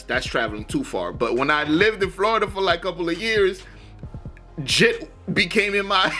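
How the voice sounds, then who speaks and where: Haitian-accented man, bright rambling commentary. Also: high-pitched. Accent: Haitian mixed with Rhode Island. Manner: rambling, loose, laughs often, curses. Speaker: reaction video host. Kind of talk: casual reaction commentary.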